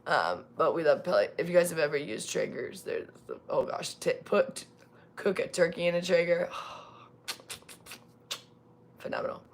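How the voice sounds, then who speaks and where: A woman's voice: sits low, very animated, moderate pace, vocal fry. Woman, from California, live-stream host, casual chat, rambling, lots of fillers. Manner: rambling, chatty, many fillers and restarts. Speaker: livestream host.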